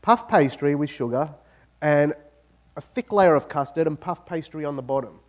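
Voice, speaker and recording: Brief: Australian man, guest speaker in an auditorium, fairly high voice, animated and jokey. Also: moderate pace. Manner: joking, animated storytelling. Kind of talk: lively talk to an audience. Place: university auditorium.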